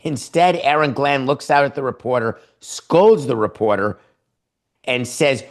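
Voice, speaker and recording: A man's voice: medium pitch, measured pace. Sarcastic man hosting a sports show. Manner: sarcastic, full of rhetorical questions; acts out imagined dialogues. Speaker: sports podcast host. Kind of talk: sports opinion monologue.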